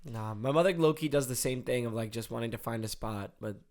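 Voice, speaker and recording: A man's voice: mid-range voice, brisk. Laid-back man in casual podcast chat. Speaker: podcast co-host.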